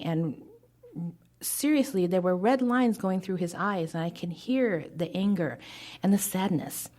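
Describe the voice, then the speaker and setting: A woman on a podcast as an intuitive advisor, telling stories with animated acted-out dialogue. Her voice sits on the low side. Now and then she drops to a hushed whisper for emphasis. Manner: animated storyteller who acts out quoted dialogue. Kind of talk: podcast interview storytelling.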